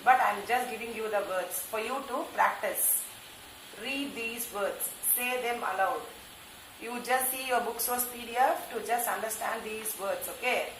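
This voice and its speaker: A fairly high-voiced woman with an Indian English accent leads an English lesson, sounding words out one at a time with careful emphasis. The room is echoey, and a faint hiss sits under her voice. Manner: slow, emphatic word-by-word pronunciation drills. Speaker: English teacher. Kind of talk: recorded online class lesson.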